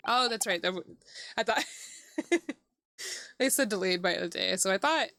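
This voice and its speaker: A woman streaming a game, reading its dialogue and reacting, excitable and giggly, sometimes swearing. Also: medium pitch, normal speed, no room sound, studio quality. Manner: excitable and giggly, swears, talks to her dog. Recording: clear background music.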